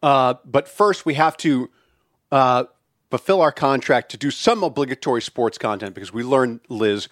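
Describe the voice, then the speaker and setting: A man co-hosting a casual podcast chat, talking in an animated way and swearing freely. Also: mid-range voice, moderate pace, dry recording, clean studio sound. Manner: animated, swearing, enthusiastic greetings. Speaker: podcast co-host. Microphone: remote call mic.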